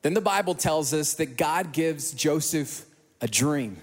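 A male pastor preaching a sermon in a church, telling stories in an emotional, animated way. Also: fairly high pitch, unhurried, in a large hall.

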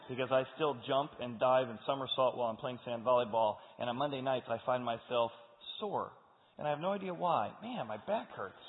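Animated preacher in an echoing hall. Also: male voice, medium pitch. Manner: animated storytelling, acting out characters. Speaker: pastor. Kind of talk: sermon. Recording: echoey hall over a tinny phone-like line.

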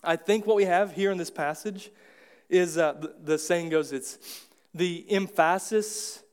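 High-voiced pastor preaching conversationally. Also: male voice, darkish tone, clean tone. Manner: conversational, with quick asides and acted-out quotes. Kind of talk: sermon. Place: church.

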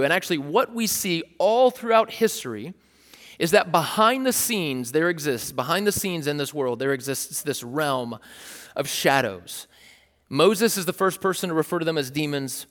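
Male pastor with a slightly high voice, conversational teaching tone, long hall reverb. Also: a bit bright. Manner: conversational and explanatory, frequent "like" and restarts. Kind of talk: sermon.

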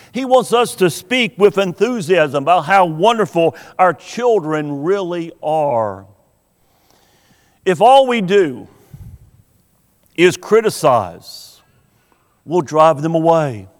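A man preaching a sermon as pastor, earnest and emphatic, stretching out key words. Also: high voice. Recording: long hall reverb.

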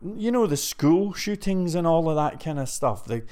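A man's voice: on the high side, sing-song, moderate pace, darkish tone. Breathless, chatty man vlogging to viewers. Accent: non-American English. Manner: chatty and rambling, addresses viewers directly. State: out of breath from pacing. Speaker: web development vlogger. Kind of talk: casual to-camera vlog. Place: indoor room.

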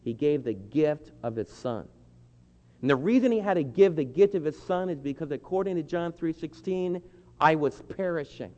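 Earnest preacher guy, kinda high voice, slows way down to push his points, muffled long hall echo. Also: animated, warm tone. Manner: earnest, pleading, slows to stress key phrases. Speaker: pastor. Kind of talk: sermon. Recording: dull lo-fi with long hall reverb.

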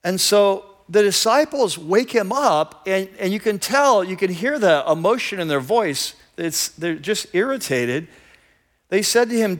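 Male pastor, higher-pitched voice, casual enthusiastic sermon delivery with vivid storytelling. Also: lively intonation, a little slow.

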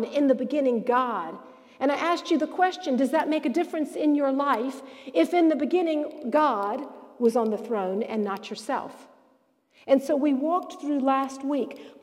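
A woman with a high, bright-toned voice leads a Bible study lesson. She tells the story in an animated, emphatic way, her voice jumping up to stress each point. A long reverb trails her words, as if she were in a large hall.

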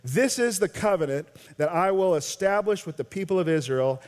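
High-voiced American pastor preaching in a reverberant church. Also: male voice, normal speed. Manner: animated preaching, swings from loud emphasis to quiet intensity. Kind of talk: sermon. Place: large church sanctuary.

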